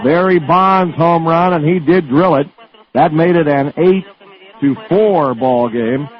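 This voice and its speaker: A man calling a baseball game as the radio play-by-play announcer, excited on the final out. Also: fairly high pitch, slow pace, crowd noise. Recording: muffled AM radio broadcast.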